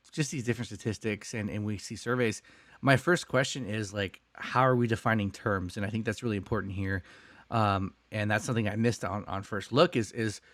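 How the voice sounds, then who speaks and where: A man's voice: fairly low pitch, fairly bright tone, dry recording. Joking young man podcast co-host. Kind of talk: casual faith discussion.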